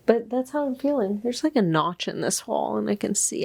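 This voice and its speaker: A woman's voice: fairly high pitch, expressive, a little fast, vocal fry, few pauses, darkish tone. A young woman chatting casually at home about her reading, rambling, with many fillers and restarts, recorded by a camera set in one place. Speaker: book vlogger. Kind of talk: casual reading vlog chat. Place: at home, seated in one spot.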